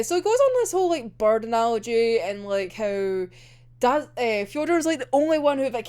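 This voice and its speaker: A woman's voice: a little high, darkish tone. A young woman discussing an anime episode in a casual, giggly, rambling way, swearing freely. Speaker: anime reviewer.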